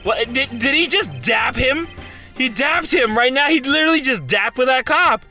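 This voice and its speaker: A man's voice: very high voice, moderate pace, pushed and bright, faint music behind. A young man casually commenting on a game with slangy, joking asides. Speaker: gaming channel host.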